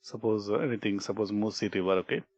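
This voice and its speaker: A man's voice: on the low side, fairly even intonation, fast talker, darkish tone, dry recording, muffled recording. A man with an Indian English accent teaching a programming tutorial, repeating key points and checking in with "okay" and "right?". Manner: explanatory, repeats points, frequent "okay" and "right?", restarts words. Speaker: programming instructor. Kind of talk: screen-recorded coding tutorial.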